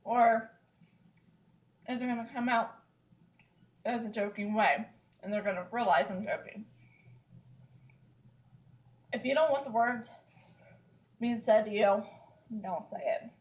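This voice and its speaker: Speaking a little slowly with long pauses, this woman has a slightly high voice, and the recording's highs are cut off. She's a vlogger in her 30s venting to camera in an upset, casual, emphatic and repetitive rant full of "like, seriously."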